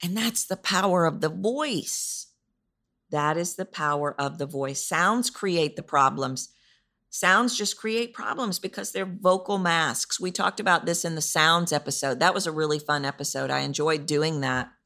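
Low-voiced woman coaching on vocal delivery. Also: unhurried, bright, forceful tone. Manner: emphatic, repetitive, demonstrates vocal delivery. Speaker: podcast host, voice coach. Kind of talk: solo podcast teaching.

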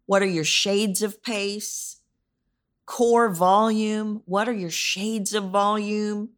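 A woman's voice: medium pitch, a bit bright. A woman hosting a solo podcast, teaching about voice and delivery in an emphatic, repetitive way. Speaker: podcast host, voice coach.

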